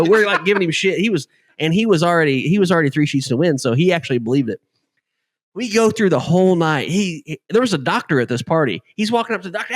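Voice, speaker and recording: A man in casual podcast chat, with a higher voice that swings widely as he tells stories. He acts out the people in his stories and swears freely. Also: fast. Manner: animated storyteller, swears casually.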